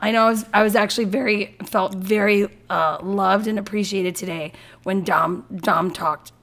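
A woman's voice: medium pitch, fairly even intonation, moderate pace, vocal fry, fairly bright tone. A woman in her thirties co-hosting a podcast, chatting and laughing as she acts out what her kids said. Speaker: podcast co-host. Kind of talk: casual chat.

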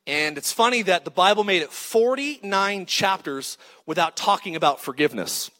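A man preaching a sermon to a congregation, reading scripture and prompting the crowd to repeat words back. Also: high-pitched. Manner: lively preaching with call-and-response to the congregation. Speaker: pastor. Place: church auditorium. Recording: long reverb of a large church hall.

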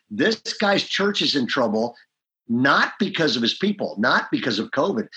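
A man's voice: fairly high pitch, fairly bright tone. A man speaking as a pastor in a leadership interview, emphatic and often checking in with "okay?". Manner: emphatic, punctuates points with "okay?".

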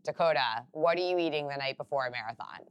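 Low-voiced woman hosting a panel. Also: fast, clear, resonant tone. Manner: upbeat, conversational, guiding questions. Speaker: host. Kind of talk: panel interview.

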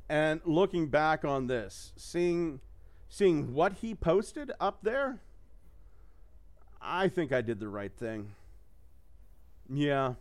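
A man's voice: a little high, very animated, slow pace, pauses often. A man hosting a podcast, talking in a rambling, casual way, laughing often and swearing freely. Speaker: podcast host. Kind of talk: casual chat.

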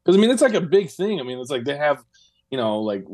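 A man's voice: fairly high pitch, sing-song, fast talker, darkish tone, no room sound. A man in his thirties co-hosting a podcast, rambling casually with lots of fillers and swearing. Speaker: podcast co-host. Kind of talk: casual chat.

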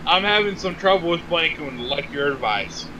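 A man with a Midwestern accent playing a party game, reading cards slowly in a joking drawl. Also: on the high side, lively intonation, noisy background. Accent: Midwestern American. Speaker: player. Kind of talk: casual party game play.

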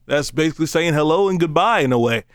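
A man preaching a casual, conversational sermon, joking between slow, emphatic scripture readings. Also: on the high side, expressive, smooth, no echo, clean studio sound.

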